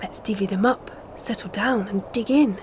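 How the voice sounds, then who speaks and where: A woman's voice: medium pitch, moderate pace, natural voice. A woman voicing a friendly, sharing male badger in a read-aloud storybook, in a cheery, sing-song way. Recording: noisy background.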